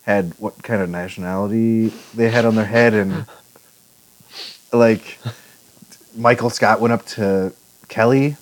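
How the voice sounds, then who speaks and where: On a casual podcast, a co-host whose voice sits on the low side talks a little slowly and pauses often. He rambles through stories, animating them with acted-out quotes and laughs.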